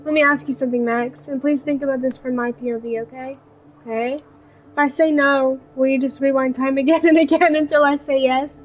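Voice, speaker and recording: Woman reading as a teasing, sardonic girlfriend; high, plain delivery. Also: fairly even intonation, a little fast, slight background noise, lightly acted, rough recording. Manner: reading text messages aloud, teasing.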